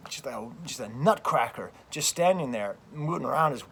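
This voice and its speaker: An American man, a French professor hosting his own channel, delivering an animated, emphatic opinion rant outdoors, often repeating phrases. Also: mid-range voice, moderate pace, creaky, slightly rough.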